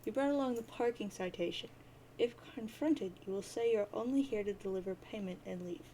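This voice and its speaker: A woman's voice: medium pitch, a little fast, warm tone, slight background noise, low-quality recording. A woman casually reading a webcomic aloud as host, with chatty, offhand asides. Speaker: webcomic reader, channel host. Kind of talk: casual read-aloud narration.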